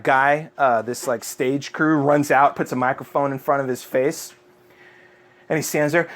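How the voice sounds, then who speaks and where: A man, a father, telling an improvised story to his child in a chatty, rambling way with many fillers. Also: medium pitch. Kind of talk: improvised bedtime-style storytelling.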